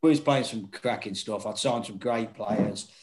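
A man's voice: on the low side, moderate pace, low-quality recording. A man, a former football manager, telling stories in casual chat, swearing and acting out quotes. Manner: swearing, animated, acts out quotes.

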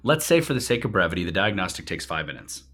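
Deep-voiced man running a tabletop game. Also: big pitch swings, fast talker, a bit bright, soft background music. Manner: explanatory, with fillers and restarts. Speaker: game master.

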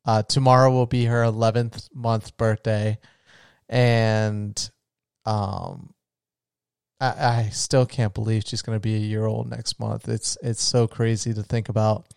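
A man's voice: lowish voice, little pitch movement, a little slow, gravelly, darkish tone, clear, resonant tone, no room sound, studio quality. A young adult man hosting his own podcast, chatting casually and gushing with loose restarts. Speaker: podcast host. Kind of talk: casual solo podcast talk.

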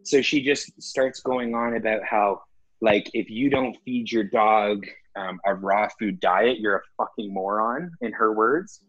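A man telling a story in casual chat with friends, animated, laughing and swearing often. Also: lowish voice, a little slow, lo-fi sound.

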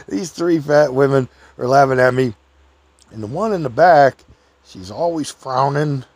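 In a dry recording, an older man with a darkish tone spins a meandering personal anecdote in a relaxed way. He laughs often and jumps his voice high whenever he imitates someone else's words.

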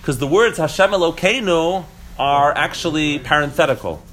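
A man's voice: a little high, moderate pace, a bit bright, slight background noise. A man giving a casual Torah class to a few listeners, explaining step by step with frequent restarts and rhetorical questions. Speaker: teacher.

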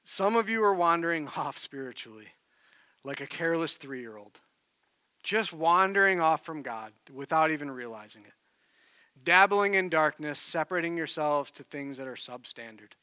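A man, a pastor, preaching with an animated, earnest personal story in a conversational sermon. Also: a little high, normal speed, clean tone, no room sound.

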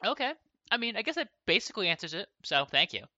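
Bright, quick-talking young host, muffled sound. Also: male voice, high voice, very animated, no echo. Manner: friendly, quick, appreciative. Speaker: interview host for an online game. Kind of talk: casual interview.

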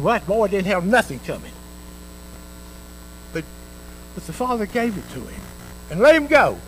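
Lively folksy preacher man, high voice. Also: moderate pace, long pauses, a little hiss or hum, rough recording. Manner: folksy preaching, acting out the parable's dialogue. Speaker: pastor. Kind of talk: sermon.

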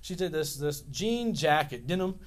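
Preaching as a pastor, a Louisiana man in his fifties tells animated, wandering stories with frequent restarts. His pitch leans high, and he keeps a moderate pace.

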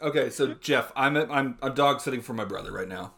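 A young man chatting casually with friends on a podcast. His pitch sits in a middle range, and he switches easily into a smooth, polite phone-support manner. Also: brisk, a bit bright. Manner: polite scripted phone-agent tone. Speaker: podcast co-host. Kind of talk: casual chat and mock customer service call.

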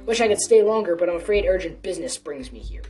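A woman's voice: fairly low pitch, lively intonation, fast talker, warm tone, recorded from a distance, faint music behind, natural voice. A woman voicing a gallant, courteous male knight who speaks formally and heartily.

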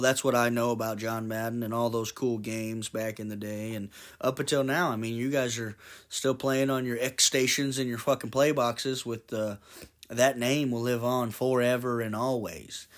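A man's voice: medium pitch, fairly bright tone. A man in his twenties hosting a podcast alone, rambling casually with constant swearing and jokes. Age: 20s. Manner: profane, rambling, jokey. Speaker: podcast host. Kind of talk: casual monologue.

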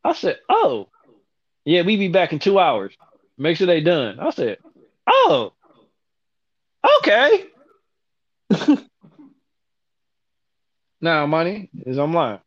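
A man's voice: normal speed, dry recording. A man telling a long, profane story to listeners, acting out the quotes with sudden jumps in voice. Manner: animated, profane, acts out quotes with big pitch jumps. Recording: dull lo-fi audio.

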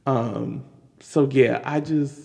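A man giving casual, animated commentary on news, exasperated and full of restarts and fillers. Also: mid-range voice, slow pace, creaky. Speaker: commentary vlogger. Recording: long hall reverb.

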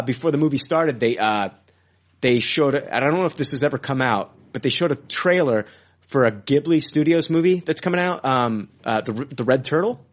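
A man of middle pitch chatting casually as a podcast co-host. He speaks with enthusiasm, stumbling and repeating words as he gushes about films. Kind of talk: casual chat.

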